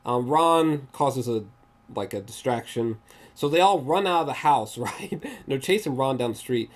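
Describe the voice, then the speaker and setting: Excitable, swearing movie reviewer. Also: mid-range voice, unhurried. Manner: animated and excitable, swears often; rambling, with frequent restarts and fillers. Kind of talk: casual spoiler movie review vlog.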